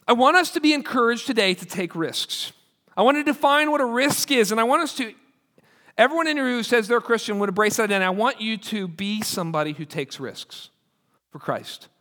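A man's voice: extremely high pitch, animated, brisk, sharp tone. A man preaching a sermon as pastor, in an emphatic, urgent way. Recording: long hall reverb.

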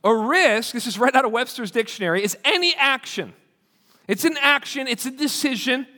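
High-voiced emphatic preacher in echoing hall. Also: male voice, moderate pace, bright, forceful tone. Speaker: pastor. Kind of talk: sermon. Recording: long hall reverb.

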